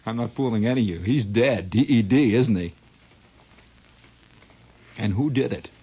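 A man's voice: on the low side, measured pace, long pauses, dark tone, breathy edge. A man telling a comic story as a dramatic monologue, adding his own sound effects, on a dull lo-fi recording. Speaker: comedian.

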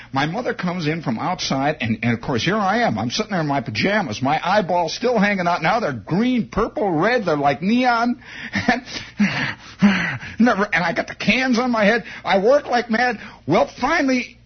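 A man telling a comic first-person story in an excitable way, stammering and restarting as he builds up, on a dull lo-fi recording. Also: high voice, normal speed, slightly rough.

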